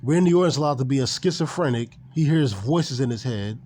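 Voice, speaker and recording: A man's voice: medium pitch, lively intonation, brisk, a little mellow, a little hiss or hum. A man ranting casually and with animation about wrestling, swearing and repeating himself. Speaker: gaming and wrestling commentator. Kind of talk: casual opinion rant.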